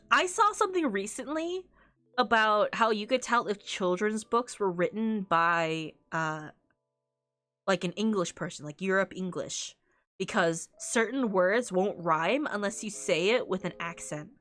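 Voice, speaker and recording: A woman's voice: medium pitch, fairly bright tone. A woman streamer in a casual, rambling chat, often breaking into laughter.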